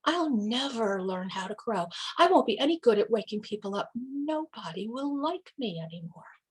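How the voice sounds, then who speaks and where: A woman's voice: fairly high pitch, lively intonation, moderate pace, breathy edge. A woman voicing an anxious, timid young male rooster in a children's story. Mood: gloomy. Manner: worried, self-doubting.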